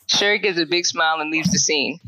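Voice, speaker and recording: A woman's voice: sits low, a little fast, bright, forceful tone, no room sound, rough recording. A woman who wrote the sketch, reading its stage directions and then chatting about where it came from. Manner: chatty, rambling, lots of um and like. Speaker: sketch writer.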